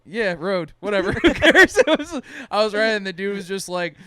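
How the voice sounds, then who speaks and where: A man's voice: sits high, very animated, brisk, a bit bright, no echo, clean studio sound. A young man from Jordan co-hosting a podcast in casual chat, laughing often, swearing and teasing. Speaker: podcast co-host.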